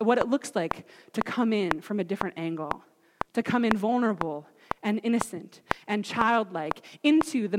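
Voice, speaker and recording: A woman preaching a sermon, retelling a Bible story in a lively way and acting out the quotes, recorded in an echoey hall with background noise. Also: fairly high pitch.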